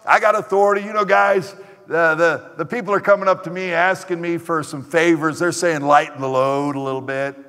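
A man's voice: on the high side, fairly even intonation, a little fast, a bit bright. A man voicing a boastful young male king, bragging and swaggering with his power. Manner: gloating, swaggering. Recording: echoey hall.

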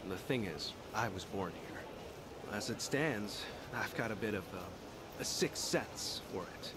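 A man's voice: fairly low pitch, expressive, a little slow, noisy background. An actor playing a polite, earnest, modest young man in a video game.

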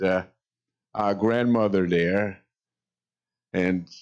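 A male pastor preaching a sermon, telling stories in an unhurried way with wry jokes. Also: low-pitched. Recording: dull lo-fi sound.

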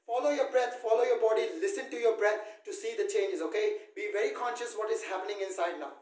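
A man's voice: high-pitched, quick pace, a little mellow. A man leading a yoga class, calling out poses and counting holds in a firm, coaching way. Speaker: yoga instructor. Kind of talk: live yoga class instruction. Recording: roomy echo, voice from far off.

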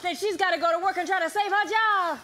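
A woman's voice: extremely high pitch, fast talker, pushed and bright. An actress playing a stern, exasperated working mother who scolds sharply, speaking on a theater stage. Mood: scolding. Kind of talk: stage play acting.

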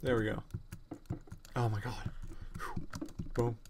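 Man, sore tired voice, casual gameplay commentary, rambling, self-mocking, soft keyboard clicks behind. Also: medium pitch, flat delivery, slow pace, noisy background. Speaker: let's play gamer.

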